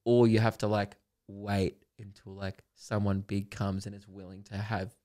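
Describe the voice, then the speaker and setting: Australian man, comedian podcast host, casual chat, animated storyteller, acts out voices. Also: lowish voice, moderate pace.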